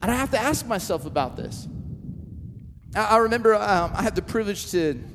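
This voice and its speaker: High-voiced preacher in a reverberant hall. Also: male voice, brisk, vocal fry, noisy background. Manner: animated storytelling with self-mocking asides. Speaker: pastor. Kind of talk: sermon.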